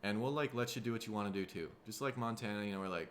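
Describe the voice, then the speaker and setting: A man from Minnesota, hosting a casual solo podcast, tired and rough in the throat, rambling and swearing freely. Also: on the low side, racing, hardly any pauses, slight background noise. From Minnesota, USA. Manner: rambling, profane, laid-back. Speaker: podcast host.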